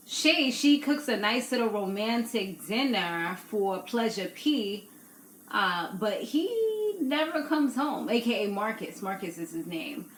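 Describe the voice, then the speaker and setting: A woman's voice: medium pitch, very animated, slow. A young woman hosting a casual reality TV recap, chatty and opinionated, laughing often. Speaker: YouTube recap host. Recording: echoey room with faint noise.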